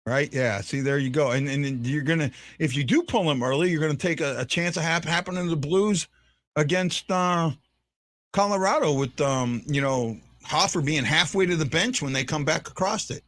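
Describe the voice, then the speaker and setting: A man's voice: on the high side, normal speed, fairly bright tone, dry recording. A man hosting a fan show, talking casually and rambling, repeating himself and teasing his viewers as he reacts to a game. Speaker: fan podcast host. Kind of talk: casual live-stream commentary.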